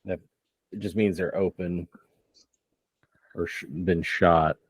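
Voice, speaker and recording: A man narrating a tabletop role-playing game as game master, relaxed and chuckling as he describes scenes. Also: low-pitched, takes it slowly, breathy edge, dry recording.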